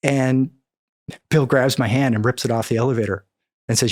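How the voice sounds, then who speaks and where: Man, middle-aged, from the Midwest, podcast guest, animated storytelling, dry close recording. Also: mid-range voice, moderate pace, no room sound. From American Midwest. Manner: animated storyteller, acts out quoted dialogue. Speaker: podcast guest, cannabis activist.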